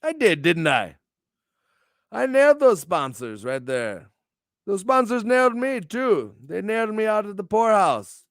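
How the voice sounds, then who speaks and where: A young man hosting a morning stream with a bombastic, theatrical promo style, swinging his pitch and volume wildly. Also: sing-song, unhurried, no room sound, clean studio sound. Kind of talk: hyped-up wrestling promo chat.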